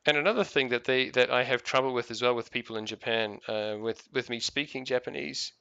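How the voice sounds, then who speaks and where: Streaming a game, a man married for years chats and rambles with plenty of swearing. His medium-pitched voice is brisk, bright, forceful, clear and resonant with vocal fry, with no echo but dull audio.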